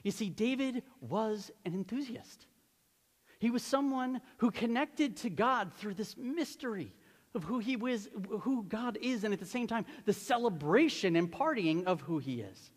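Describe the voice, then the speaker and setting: Male pastor, emphatic sermon delivery, pitch swooping widely, church reverb trailing behind. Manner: animated preaching with rhetorical questions to the congregation. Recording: long hall reverb.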